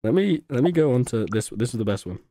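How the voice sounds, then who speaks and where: A young man livestreaming from his room, chatting casually in an excitable, swearing, rambling way. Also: medium pitch, fast talker, noisy background. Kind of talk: casual chat.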